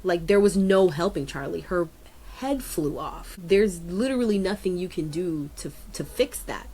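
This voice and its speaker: A woman co-hosting a podcast in casual chat, rambling with many fillers and jumping up in pitch to stress a point. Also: moderate pace, mellow, husky. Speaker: podcast co-host.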